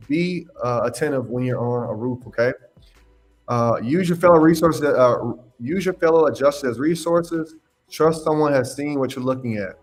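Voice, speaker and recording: A young man hosting a casual livestream Q&A as a mentor. He talks in an animated, slangy way, laughs often and repeats his phrases. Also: mid-range voice. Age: young adult. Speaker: independent adjuster mentor hosting a live Q&A.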